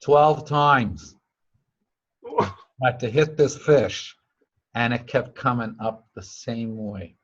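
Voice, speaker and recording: A man's voice: mid-range voice, takes it slowly, pauses often, dull audio. A man giving an informal spiritual teaching talk. He rambles through stories, repeats himself and uses broken grammar, and raises his voice when he acts out the people he quotes.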